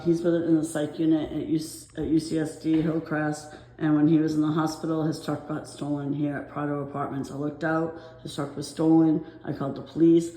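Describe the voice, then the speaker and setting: Breathless, anxious woman vlogging on her phone; mellow tone, roomy echo. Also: deep voice. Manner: rambling, anxious, with nervous laughs. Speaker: vlogger filming her apartment complaints. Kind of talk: casual walking vlog.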